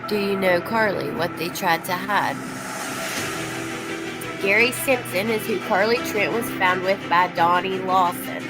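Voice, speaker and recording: A woman's voice: medium pitch, unhurried, loud music behind the voice. A woman YouTuber giving casual, rambling true-crime commentary and talking straight to her viewers. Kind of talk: casual commentary reacting to clips.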